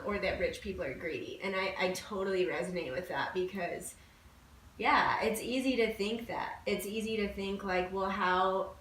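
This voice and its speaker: A woman's voice: on the low side, a bit bright. A woman guest on a podcast, talking casually and telling a personal story with many "like" fillers. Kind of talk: casual conversation. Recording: roomy echo, distant mic, faint background noise.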